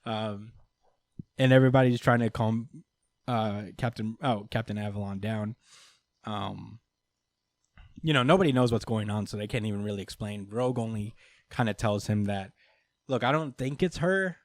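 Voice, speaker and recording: A man's voice: on the low side, steady tone, moderate pace, long pauses, no echo. A man hosting a podcast, recapping comic books in a loose, chatty way, swearing freely and laughing between lines. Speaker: podcast host. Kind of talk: casual comic book recap.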